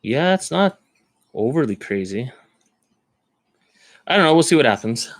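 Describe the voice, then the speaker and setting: A man from Canada talks casually on a live stream, rambling and thinking aloud as he goes. His voice sits in a middle pitch. The sound is dry and close, with no room around it. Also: big pitch swings, a little slow, dry recording. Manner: rambling, thinks aloud while browsing listings. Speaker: card collector streamer.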